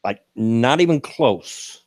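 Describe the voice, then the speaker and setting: A man's voice: medium pitch, animated, slow, a little mellow, no room sound, studio quality. A middle-aged man from Kentucky with a Southern accent, hosting a casual political chat show in a folksy way, often stumbling over repeated words. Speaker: show host.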